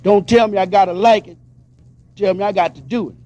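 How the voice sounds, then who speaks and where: Man from Pennsylvania, very high voice, emphatic testimony speaker who acts out the dialogue. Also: steady tone, a little fast, dark tone, lo-fi sound. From Pennsylvania, USA. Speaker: recovery convention speaker. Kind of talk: personal testimony speech.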